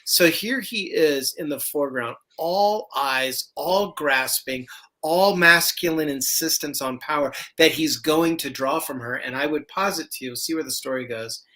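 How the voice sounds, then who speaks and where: A man's voice: a little high, measured pace, sharp tone. A man co-hosting a casual comics podcast, talking in an expansive, lecturing way with spiritual analogies. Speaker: podcast co-host.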